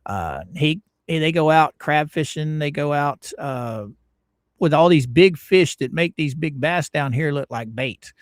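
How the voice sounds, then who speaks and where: A man's voice: fairly high pitch, animated, measured pace, no echo. A man hosting a livestream, chatting casually in a rambling, joking way and laughing often. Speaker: livestream host. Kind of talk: casual commentary chat.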